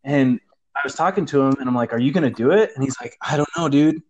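A man's voice: mid-range voice, quick pace, slightly rough. A young man casually telling a story to friends over a phone call, acting out what others said and laughing often. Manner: animated, acts out friends' lines, laughs often. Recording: phone call with faint noise.

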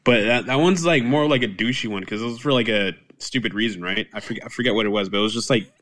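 A man's voice: on the low side, fast talker, dry recording. Easygoing young man with a dry voice. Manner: relaxed, hedging and agreeable. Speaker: podcast co-host. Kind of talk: casual chat.

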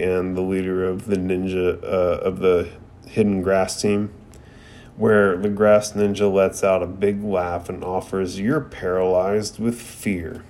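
A man's voice: low voice, darkish tone. A man casually recapping and reviewing an anime episode, rambling and profane with lots of "like".

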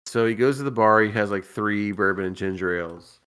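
A man with a fairly low voice, co-hosting a podcast while tipsy from drinking. He rambles through a long story, swearing freely and breaking into laughter. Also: fairly even intonation, fast, few pauses, fairly bright tone. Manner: rambling, profane, giggly storyteller. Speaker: podcast co-host. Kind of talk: casual storytelling chat.

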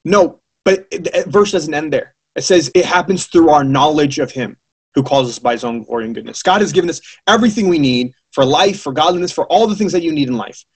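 A man preaching a sermon, telling his own story in a lively way and acting out the voices of the people he quotes. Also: fairly high pitch, brisk, slightly rough. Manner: animated, acts out quoted voices, many fillers. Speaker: preacher giving his testimony.

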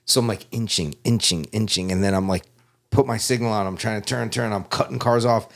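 A man's voice: lowish voice, steady tone, a little fast, vocal fry, fairly bright tone. A middle-aged man on a podcast, telling a crude story in a rambling way and acting out his own reactions. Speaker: podcast guest. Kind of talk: casual comedic storytelling.

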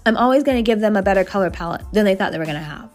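A woman designer hosting her own podcast, chatting casually and giving lively business advice from her office. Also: medium pitch, faint music behind. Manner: lively, chatty, lists things quickly. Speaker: podcast host, brand designer. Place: home office.

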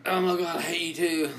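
A man's voice: fairly high pitch, creaky, a bit bright, slight background noise. A man co-hosting a casual podcast, firing off crude one-liner jokes, swearing and laughing a lot. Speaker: podcast co-host. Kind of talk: casual joke-trading chat.

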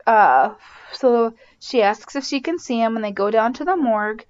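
A woman's voice: on the high side, normal speed, dull audio. Chatty woman recapping a TV episode. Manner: chatty, lots of "like" and "um". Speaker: podcast host.

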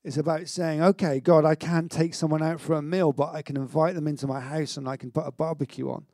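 Male pastor, lively and dry-sounding. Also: fairly high pitch, brisk, dry recording. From Wales. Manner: energetic, conversational preaching with stammered restarts and self-mocking humour. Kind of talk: sermon.

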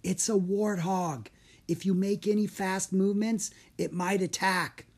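In a storybook audiobook, a reader gives voice to a shy but brave young village boy, using a medium-pitched, pushed-up voice at a measured pace. The delivery is earnest, rising with excitement.

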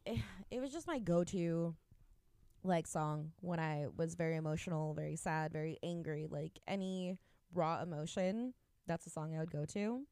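A woman's voice: deep voice, normal speed, warm tone, clear, resonant tone, no room sound, studio quality. A young woman co-hosting a casual podcast from home, talking loosely and swearing freely. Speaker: podcast co-host.

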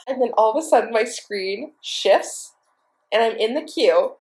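A young woman hosting her own podcast, telling a story in an excitable, profane, breathless way. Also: a little high, fairly quick. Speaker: podcast host. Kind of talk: casual storytelling monologue.

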